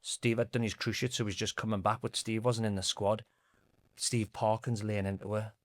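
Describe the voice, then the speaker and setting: A man's voice: fairly low pitch, flat delivery, moderate pace. A man, telling football anecdotes in a chatty, laughing podcast conversation. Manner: chatty, laughing storyteller who reads out stories sent in. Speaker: podcast co-host.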